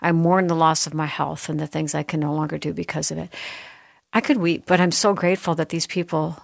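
A woman with a low, gravelly voice hosts a faith-based talk show. She reads listener messages gently and answers with tenderness. The sound is close and dry, like a studio mic. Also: level tone, fast talker, dry recording. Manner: gentle, tender, softening at heartfelt moments. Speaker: host. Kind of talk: reading listener texts on a Christian talk show.

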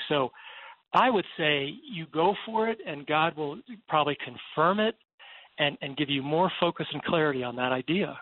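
A man's voice: on the high side, moderate pace, phone-quality sound. A man, a minister co-hosting a radio call-in show, giving earnest advice to a caller. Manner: earnest, advising, preacherly. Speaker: guest co-host, minister.

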